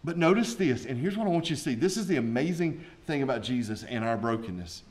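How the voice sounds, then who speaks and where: A man's voice: mid-range voice, animated, fast talker, a little mellow. A man, a pastor preaching a sermon with folksy asides and rising intensity.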